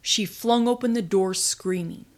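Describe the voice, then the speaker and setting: A woman host reading her own scripted story aloud, with dry comic timing and dramatic pauses. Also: medium pitch. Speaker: podcast host and story writer.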